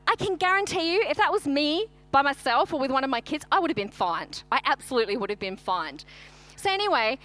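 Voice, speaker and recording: Brief: high-pitched middle-aged woman pastor, chatty and animated sermon storyteller. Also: a little fast. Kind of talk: sermon with personal stories.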